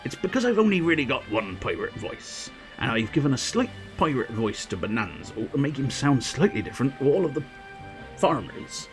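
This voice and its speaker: A male gaming streamer chatting in a jokey, rambling way and laughing often. His pitch moves in a lively way, and soft game music plays faintly underneath. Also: normal speed. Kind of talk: gaming livestream commentary.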